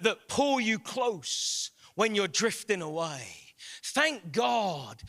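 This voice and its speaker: A man preaching a sermon in a large church hall, impassioned, with rising shouts. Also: high voice. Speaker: guest pastor.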